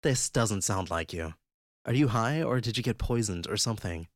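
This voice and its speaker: A man's voice: lowish voice, expressive, normal speed, no room sound, studio quality, natural voice. A man voicing an irritated, foul-mouthed teenage girl who has just been woken in the middle of the night, in an audiobook. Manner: sharp, impatient, swearing. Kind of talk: audiobook character voice.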